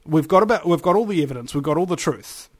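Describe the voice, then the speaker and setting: A man co-hosting a political talk show, telling stories and making points insistently. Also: quick pace. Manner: animated, insistent, rising pitch when stressing. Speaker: podcast co-host.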